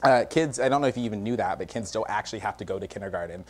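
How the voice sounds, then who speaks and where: A man's voice: on the low side, rapid-fire. A man hosting a variety show, doing a comedic news monologue in a studio and laughing between jokes. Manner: joking, laughs between lines. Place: studio with a live audience.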